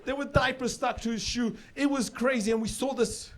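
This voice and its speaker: High-voiced stand-up comic man. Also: steady tone, moderate pace. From South Africa. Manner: conversational, with filler repeats and sudden shouted punchlines. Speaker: stand-up comedian. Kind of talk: stand-up comedy set. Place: comedy stage with a live audience. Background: audience laughter.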